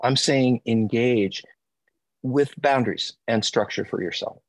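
A man's voice: medium pitch, unhurried, dry recording. A man co-hosting an advice podcast as a therapist, talking earnestly and speeding up when he stresses a point. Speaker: podcast co-host, addiction therapist.

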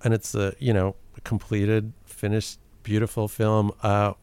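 A man interviewing a guest, asking a long question haltingly as he searches for words. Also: lowish voice, flat delivery, a little mellow, clean tone, dry recording.

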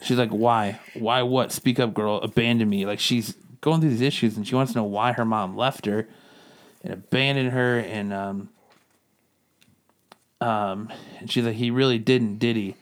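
Reviewing comics on a laid-back podcast, a co-host with a low-leaning voice and fairly even intonation speaks at a moderate pace. He meanders through the story, quoting characters here and there.

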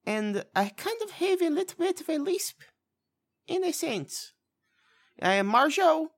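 A man voicing a high-pitched Bulgarian man with a lisp who speaks in stiff, halting English. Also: big pitch swings, exaggerated voice. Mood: cheeky. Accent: put-on Bulgarian. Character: squeaky-voiced Bulgarian man with a lisp, kept in a basement.

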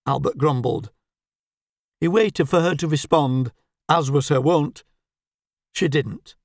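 A man narrating a humorous story in a wry, measured reading voice. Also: a little high, vocal fry, no echo, clean studio sound.

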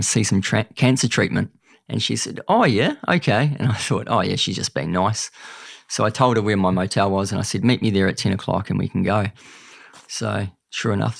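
Kiwi male guest, lowish gravelly voice, dry close mic, earnest and chatty. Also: no room sound. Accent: New Zealand. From New Zealand. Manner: earnest, chatty, calls the host mate. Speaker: podcast guest. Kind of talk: candid storytelling interview.

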